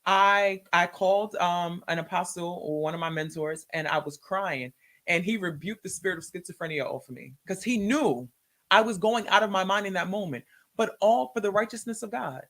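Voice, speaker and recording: A woman's voice: on the low side, normal speed. Woman telling her story all emotional, acts out every line she quotes. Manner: animated, acts out her own and others' words in quotes. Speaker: guest sharing a testimony. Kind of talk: emotional personal testimony.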